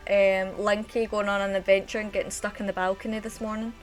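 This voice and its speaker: A woman's voice: medium pitch, level tone, a little fast, soft background music. A woman with a Scottish accent chatting on a live stream, telling a rambling story and greeting her chat viewers as she goes.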